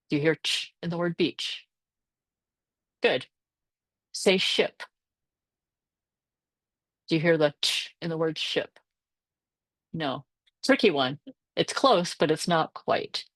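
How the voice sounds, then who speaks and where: A woman with a low voice gives a workshop on teaching reading, explaining lesson steps and sounding out letters and syllables for teachers. The sound is dry and close, as on a video call. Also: no room sound. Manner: explanatory, models phonics sounds aloud. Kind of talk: workshop presentation.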